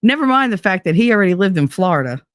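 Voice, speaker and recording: A woman's voice: mid-range voice, fast, dry recording, studio quality. A middle-aged woman, sick with a cold, rambling bluntly and profanely to her stream viewers. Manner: blunt, profane, animated storytelling. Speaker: livestream host. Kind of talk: casual rambling chat to viewers.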